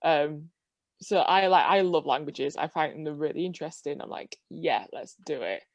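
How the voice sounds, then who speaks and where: A woman's voice: sits low, normal speed, no echo. A young woman, a podcast co-host, chatting and telling a self-mocking story. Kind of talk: casual storytelling chat.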